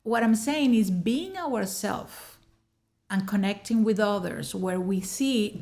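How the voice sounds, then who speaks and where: A woman's voice: medium pitch, slow, a little mellow. A woman from Venezuela with a Venezuelan Spanish accent, a guest on a podcast who talks earnestly in short, restarting fragments. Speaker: podcast guest, educator and business owner. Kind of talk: casual interview conversation.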